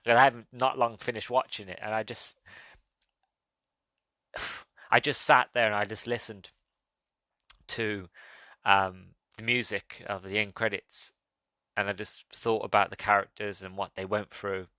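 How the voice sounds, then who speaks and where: A man's voice: on the low side, steady tone, measured pace, pauses often, sharp tone, no echo. A man hosting a solo podcast, talking earnestly with many ums and restarts. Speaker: podcast host, film reviewer. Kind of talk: casual solo podcast talk.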